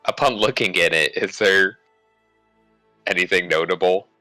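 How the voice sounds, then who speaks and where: A man's voice: low-pitched, normal speed, sharp tone, no room sound, faint music behind. A man playing in a tabletop role-playing game, describing his character tentatively. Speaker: player.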